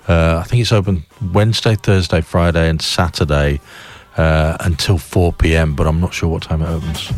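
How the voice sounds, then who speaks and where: A man with an Australian accent hosting a breakfast radio show, chatty and enthusiastic as he reads verse. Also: low-pitched. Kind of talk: casual radio chat and poem reading. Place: radio studio.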